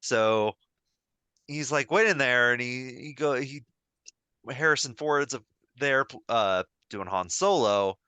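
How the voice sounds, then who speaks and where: A man's voice: mid-range voice, takes it slowly, clean tone, no room sound. A man co-hosting a podcast, retelling a story in casual chat with plenty of fillers. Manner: relaxed storytelling with filler words. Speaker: podcast co-host.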